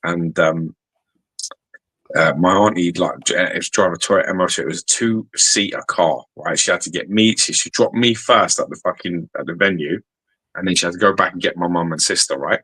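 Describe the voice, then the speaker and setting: A man's voice: low voice, brisk, bright, forceful tone, breathy edge, no echo, rough recording. A man, co-hosting a podcast and telling profane stories in casual chat. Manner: profane storytelling, swears constantly. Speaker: podcast co-host.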